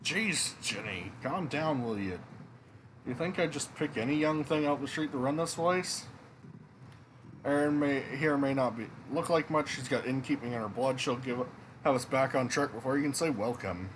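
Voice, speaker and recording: A man's voice: fairly high pitch, lively intonation, fairly quick, noisy background, pitched above the performer's own voice, lightly acted. A man voicing a confident middle-aged woman innkeeper who talks in a breezy, teasing way. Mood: reassuring. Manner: breezy, teasing, calls people honey.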